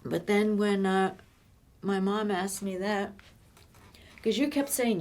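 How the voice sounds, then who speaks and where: An older woman telling her own life story in conversation, halting and often repeating words as she restarts. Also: medium pitch, a little mellow. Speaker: interviewee.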